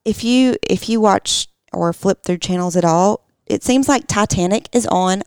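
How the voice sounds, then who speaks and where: A woman in her thirties co-hosting a podcast, speaking in an earnest, measured way in casual conversation. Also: mid-range voice, a little mellow, smooth, dry recording. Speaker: podcast co-host.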